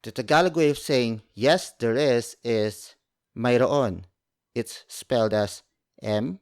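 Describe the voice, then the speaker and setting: A man's voice: on the low side, a little mellow. A man teaching a language lesson, speaking carefully, repeating each word and spelling it out letter by letter.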